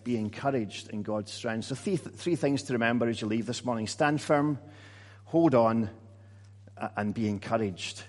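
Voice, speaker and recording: A man's voice: mid-range voice, darkish tone. Guy giving a sermon, chatty, lots of ums, big echoey church. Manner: conversational, with frequent fillers and repeated words. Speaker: preacher. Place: church hall. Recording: long hall reverb.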